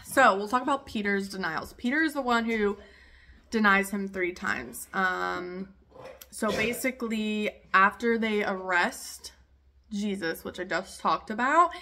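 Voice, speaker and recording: A young woman hosts her podcast from home, and her voice is bright and lively at an average pitch. She retells a story in a chatty, informal way, full of fillers and asides. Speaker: podcast host. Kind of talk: casual storytelling chat. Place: home with her dog nearby.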